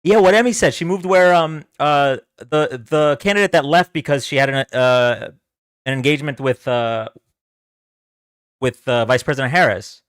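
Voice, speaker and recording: A man's voice: medium pitch, moderate pace, smooth, dry recording, clean studio sound. A man giving casual, rambling reaction commentary on a live stream and talking to his chat. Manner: animated, rambling, talks to chat.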